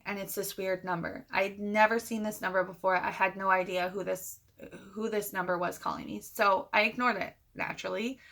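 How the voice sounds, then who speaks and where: A woman's voice: medium pitch, vocal fry. Chatty woman telling a storytime. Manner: animated retelling, quoting others. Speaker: vlogger. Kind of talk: casual storytime vlog.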